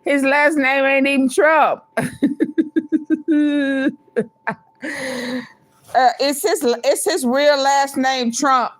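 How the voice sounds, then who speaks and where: This woman's voice sits high and holds a steady tone, with drawn-out words and long pauses. As a livestream vlogger, she chats casually and repetitively with her live viewers.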